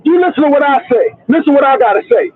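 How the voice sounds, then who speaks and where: A man's voice: very high voice, lively intonation, fast, a loud crowd. A man joining a debate by call, confrontational and accusing. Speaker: debate participant. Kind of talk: heated debate over a call. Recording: dull lo-fi call audio.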